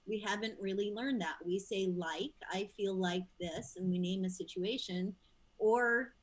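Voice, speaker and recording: A woman's voice: medium pitch, a little slow, low-quality recording. A woman hosting a casual discussion, talking in an earnest, reflective way with many fillers.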